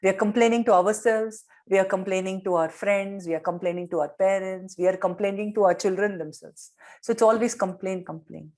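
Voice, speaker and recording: A middle-aged woman giving a devotional talk on parenting, gently telling stories and retelling quotes. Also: medium pitch, fairly even intonation, a little fast.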